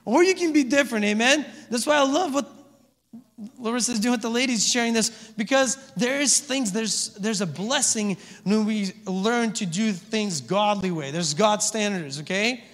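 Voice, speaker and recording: High-voiced man preaching in a reverberant hall. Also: normal speed, a bit bright. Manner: conversational preaching with frequent "amen?" and "okay?" checks. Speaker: pastor. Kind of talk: sermon.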